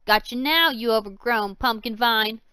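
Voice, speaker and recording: Brief: a woman playing a snarling, name-calling villain man, loud and threatening, in a dry, close audiobook read. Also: medium pitch, animated, a little slow, no echo. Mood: menacing. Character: menacing bullying grown man captor.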